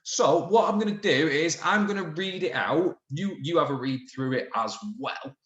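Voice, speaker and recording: A man's voice: on the high side, normal speed, fairly bright tone, reverberant, dull audio. A man teaching a recorded lesson, patiently explaining and reading out example sentences with changing emphasis. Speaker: primary school teacher.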